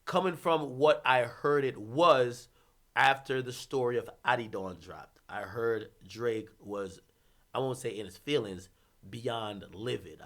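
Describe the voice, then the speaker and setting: A man hosting a livestream, ranting about hip-hop in a casual, profane, animated way with bursts of laughter. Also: medium pitch.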